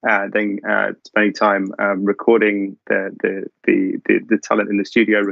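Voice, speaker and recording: A man speaking on a remote panel, halting, with many fillers and restarts. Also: fairly low pitch, completely flat delivery, gravelly, a bit bright, no echo, muffled recording. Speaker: panelist from a broadcaster's tech team.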